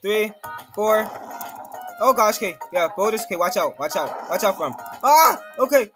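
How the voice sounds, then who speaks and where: A man giving jittery, excitable live gameplay commentary, talking to himself and to viewers and exclaiming nervously throughout. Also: high-pitched, normal speed, music in the background. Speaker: gaming video creator.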